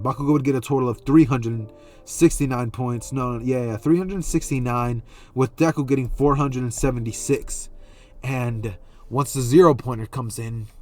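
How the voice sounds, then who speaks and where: A man casually improvising a fan story, rambling along and stopping to correct himself. His voice sits at an ordinary middle pitch.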